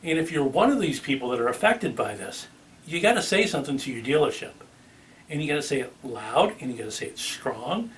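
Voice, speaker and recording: This car channel host has a Boston accent and rambles casually to the camera, dropping ums and restarting sentences. His pitch is fairly high, he's far from the mic, and there's a little hiss or hum.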